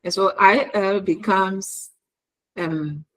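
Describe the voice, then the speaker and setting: A woman lecturer with a Ghanaian English accent, giving a recorded university lesson in a slow, deliberate way and repeating her examples word by word. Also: medium pitch, fairly bright tone, poor audio.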